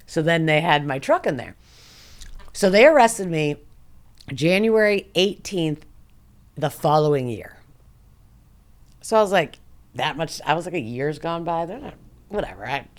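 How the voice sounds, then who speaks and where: A woman with a fairly low voice tells her story in loose, casual podcast chat. She is animated and swears freely, laughing often and acting out what people said to her. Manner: animated, profane, laughs often, acts out quotes. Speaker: podcast guest.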